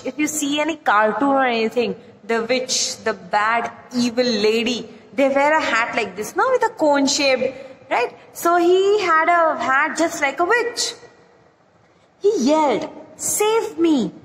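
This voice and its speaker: High-voiced teacher in an echoey room. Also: female voice, fairly bright tone, a little hiss or hum. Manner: explains words slowly, asks pupils questions. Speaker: English teacher. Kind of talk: classroom story lesson. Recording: echoey room with long reverb.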